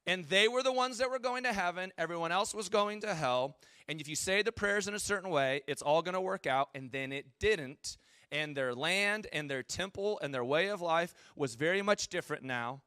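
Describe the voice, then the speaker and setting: Male pastor with a high, crisp voice, preaching casually with jokes; dry, close sound. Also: normal speed, bright, forceful tone, no room sound. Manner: casual, joking, asks the audience questions. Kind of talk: conversational sermon.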